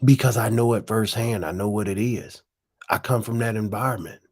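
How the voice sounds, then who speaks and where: Hosting his own channel, a man delivers a casual monologue that's preachy, profane, loaded with slang and full of rhetorical questions. His voice is fairly low, creaky and a bit rough, and he talks at normal speed.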